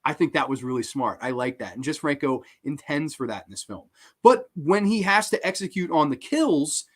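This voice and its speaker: A man hosting a horror film review show, talking casually in an excitable, profane way. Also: a little high, normal speed.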